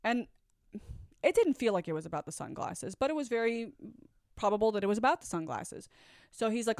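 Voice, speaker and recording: Woman, deep voice, storytime vlog, candid, reflective, dry close sound. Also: expressive, a little fast, no room sound. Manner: candid, reflective, acts out quoted dialogue. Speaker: vlogger telling her own story.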